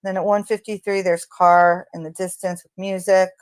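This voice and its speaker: A woman hosting a true crime channel, talking casually in an unhurried, hesitant way with frequent ums. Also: fairly low pitch, little pitch movement, clean tone, no echo. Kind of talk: casual spoken commentary.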